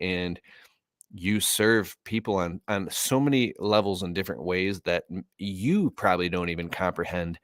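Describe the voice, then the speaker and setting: A man's voice: sits low, dry recording, clean studio sound. A man hosting a podcast interview, casual and enthusiastic, heaping praise on his guest. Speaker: podcast host.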